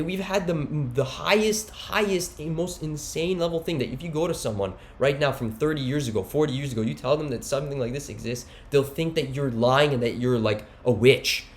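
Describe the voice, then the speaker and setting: A man giving a heated one-take monologue, rambling and slangy with many restarts. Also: fairly high pitch. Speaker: commentator.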